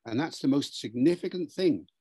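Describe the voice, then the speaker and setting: A linguistics professor giving measured, explanatory interview answers, lively and teacherly, sometimes slipping into quoted voices. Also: male voice, a little high, husky. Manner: lively storytelling, acts out quoted speakers; measured, lecturing delivery.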